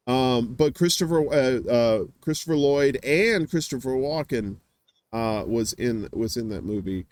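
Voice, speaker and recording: A man hosting a casual live-stream chat, telling rambling stories full of filler words and dropping into quick voice impressions. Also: mid-range voice, darkish tone, dry recording. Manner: does quick voice impressions of others. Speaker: host.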